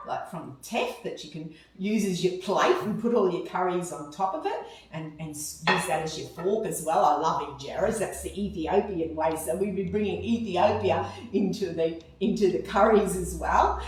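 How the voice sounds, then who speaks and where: A cheerful Australian woman talks through a meal step by step, her pitch rising and falling a lot. She is recorded from a distance in a very echoey room. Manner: chatty, cheerful, explains step by step. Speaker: cooking video host. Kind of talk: casual food demonstration. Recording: very echoey room, mic far off.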